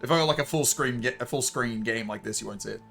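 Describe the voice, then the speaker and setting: A man's voice: medium pitch, fast talker, creaky, fairly bright tone, faint music behind. A man chatting casually on a live stream, laughing often and swearing casually, into a desk microphone.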